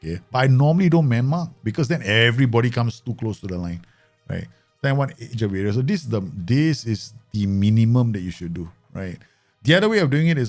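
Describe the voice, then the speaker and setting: A man's voice: fairly low pitch, vocal fry, a little mellow. A man chatting casually through a live stream of a football management game, laughing often and making playful asides.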